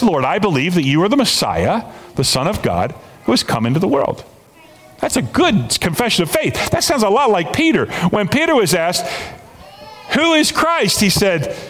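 Animated preacher in a reverberant church. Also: male voice, sits high. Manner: animated preaching with repeated restarts. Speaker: pastor. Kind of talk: sermon. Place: church sanctuary.

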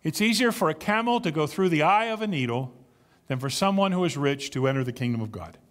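A male pastor preaching a sermon with drama, dropping to a hush and then building loud. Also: fairly high pitch, expressive, quick pace. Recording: long reverb of a large hall.

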